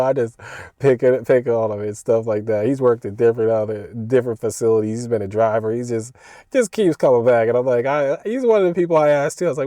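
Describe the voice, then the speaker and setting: A man's voice: medium pitch, quick pace, mellow, no echo. A man casually telling a story from work to his audience in a laid-back, slangy way, chuckling often and throwing in "bro" and "you know.". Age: adult, older than his young coworker.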